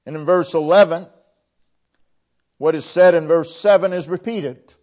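Man preaching, slow and deliberate, slightly high voice, phrases fading soft at the ends, dull lo-fi sound. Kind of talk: sermon. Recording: dull lo-fi recording.

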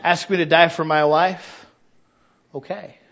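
Pastor, male, high and bright, candid sermon that builds from quiet to loud. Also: steady tone, unhurried, muffled recording. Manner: swings from quiet confiding to loud impassioned preaching; candid, self-deprecating. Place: church sanctuary.

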